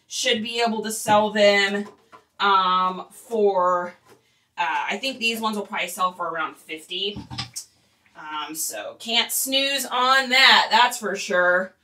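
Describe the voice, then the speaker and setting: Chatty woman reseller, bright voice. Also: medium pitch, takes it slowly, far from the mic, slight background noise. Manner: chatty and rambling, with fillers and laughs. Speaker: online reseller. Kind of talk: casual chat while photographing stock.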